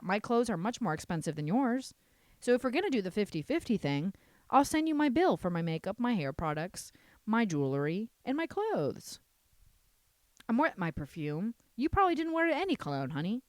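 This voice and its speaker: A young woman in her twenties chats on her solo podcast, sassy and outspoken, cursing without a second thought. Her voice is smooth and clear, and her pitch swings widely as she rants. The sound is dry and close, with no room echo. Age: 20s. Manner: sassy, animated, swears freely. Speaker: podcast host. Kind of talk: casual solo podcast chat.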